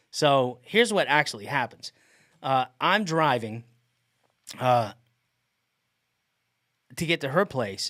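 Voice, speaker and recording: A middle-aged podcast host tells a story in a relaxed, chatty way, animated and often laughing mid-sentence. His voice sits at an ordinary mid-range pitch, recorded close and dry with no room sound.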